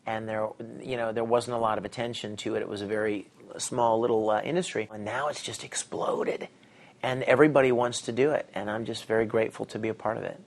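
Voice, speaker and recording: A middle-aged man, a voice actor, telling stories in an interview with lively energy, laughing and acting out quotes. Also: on the low side, a little fast, gravelly. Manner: animated, laughs often, acts out quotes. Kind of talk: casual interview storytelling.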